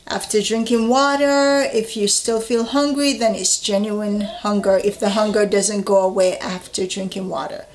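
A woman's voice: medium pitch, moderate pace, hardly any pauses, a little hiss or hum. A woman chatting casually to a phone camera while she eats, rambling with fillers. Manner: relaxed, rambling, with fillers, talking while eating. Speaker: health vlogger. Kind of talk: casual vlog chat.

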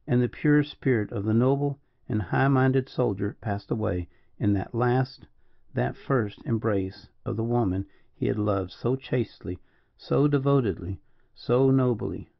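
Gravelly male audiobook narrator, dry lo-fi. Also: fairly low pitch, no room sound. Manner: measured, dramatic reading that voices each speaker. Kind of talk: scripted narration of a classic novel. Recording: dull lo-fi dry recording.

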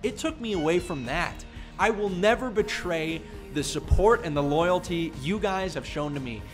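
Animated young man streamer over music. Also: high-pitched, normal speed. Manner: excitable, swings from earnest to joking. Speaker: livestreamer. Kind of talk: casual livestream chat.

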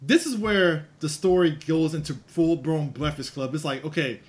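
A man's voice: fairly high pitch, moderate pace, crowd noise. A man co-hosting a podcast, joking and mocking movie scenes in casual chat. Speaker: podcast co-host.

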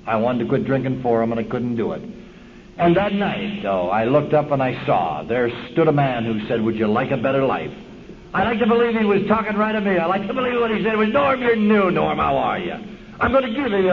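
A man giving a folksy, streetwise personal testimony at a recovery meeting, acting out the voices in his story. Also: a little high. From Southern California. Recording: lo-fi 1970s tape recording, hissy.

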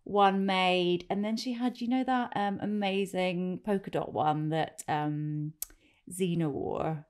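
A middle-aged woman telling her weekend news in relaxed, chatty detail. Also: lowish voice, takes it slowly, clean tone. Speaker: podcast guest. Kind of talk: casual chat.

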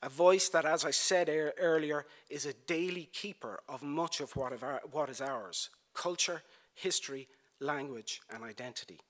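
Male speaker, formal lecture, bright, slightly high voice, measured rhetorical delivery. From Ireland. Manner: measured oratory with rhetorical lists and emphatic repetition. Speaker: broadcasting executive giving a lecture. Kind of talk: formal prepared speech. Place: university lecture theatre.

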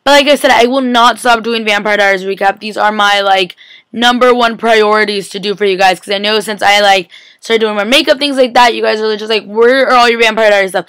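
A woman's voice: medium pitch, brisk, a bit bright, clean tone, no echo. A young woman vlogger rambles through a TV episode recap late at night, sleepy and giggly, saying "like" constantly, recorded on a laptop webcam. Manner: rambling, giggly, heavy use of "like". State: sleepy, filming at four a.m. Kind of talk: casual chatty recap. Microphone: laptop webcam mic.

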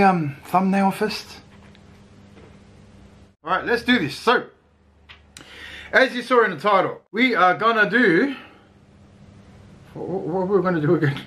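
A man's voice: sits high, expressive, measured pace, pauses often, pushed and bright. A man chatting casually at home as a family vlogger, eating and laughing between bites. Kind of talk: casual mukbang chat.

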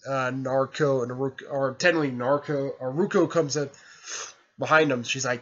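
A man's voice: mid-range voice, fairly even intonation, a little fast, fairly bright tone, lo-fi sound. A man casually retelling a story in a rambling way, tacking "there" and "stuff like that" onto his sentences.

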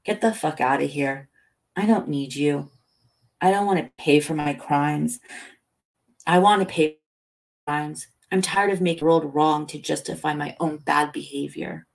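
A woman's voice: low voice, steady tone, normal speed, vocal fry. A woman voicing a weary, blunt man in a story. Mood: fed up.

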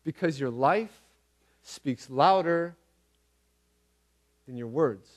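A man's voice: fairly high pitch, animated, slow pace. A man preaching a casual, conversational sermon, earnest and repeating phrases for emphasis, with everyday slang. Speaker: pastor.

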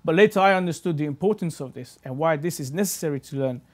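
A man's voice: on the high side, fast. A man with a British accent hosting a TV studio show, opening with upbeat greetings and a string of rhetorical questions. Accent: British English. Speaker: host. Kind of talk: TV talk show introduction.

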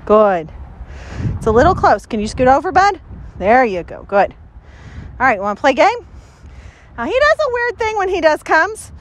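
A woman dog trainer commenting during an outdoor training session, giving quick commands and upbeat praise to a dog. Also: high voice, sing-song. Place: outdoors near trees.

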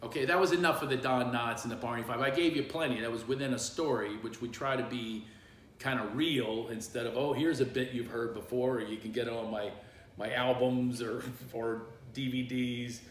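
A middle-aged comedian tells loose, rambling stories on a livestream and often laughs along the way. His voice sits at an ordinary pitch for a man. It bounces around a small office, with a faint hum of room sound underneath. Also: fairly even intonation, moderate pace, roomy sound. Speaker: comedian and coach hosting a livestream. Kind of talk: casual storytelling on a livestream.

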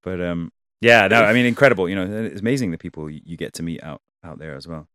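Male actor guest, low voice, dry close sound, loose halting delivery full of laughs. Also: a bit bright, clean tone, dry recording. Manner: halting, restarts sentences, laughs often. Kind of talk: casual interview chat.

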